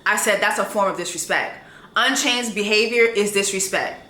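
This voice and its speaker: A woman's voice: mid-range voice, normal speed, pushed and bright, echoey room. A woman, telling a dating story in a vlog in a blunt, sassy way and reading texts aloud.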